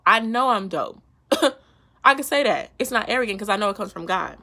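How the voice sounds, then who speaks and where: Lively, playful woman vlogger with a bright, gravelly voice. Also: medium pitch, normal speed. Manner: lively, playful and slangy, often laughing. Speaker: faith vlogger. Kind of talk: casual devotional talk.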